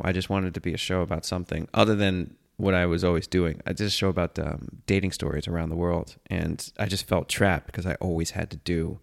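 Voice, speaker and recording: A gravelly, low-voiced American man in his 30s hosts a podcast, delivering a casual comedic monologue. He rambles, swears freely, and pokes fun at himself.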